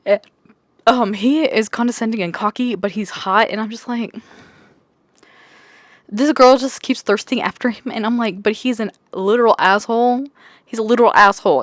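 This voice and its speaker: A woman's voice: medium pitch, no room sound, clean studio sound. A woman book vlogger talking casually about what she is reading, chatty and exasperated, swearing and laughing often. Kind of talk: casual chat.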